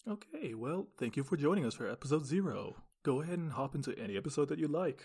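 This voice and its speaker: A man's voice: fairly high pitch, expressive, fast talker, gravelly, darkish tone, husky. A man co-hosting a casual podcast, teasing his co-host with dry humor.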